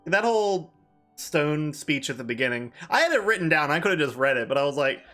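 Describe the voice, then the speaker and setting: A man's voice: on the high side, expressive, fairly quick, bright, forceful tone, soft background music. A man casually chatting on a podcast, joking and self-deprecating. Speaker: podcast co-host and D&D player. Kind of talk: casual chat.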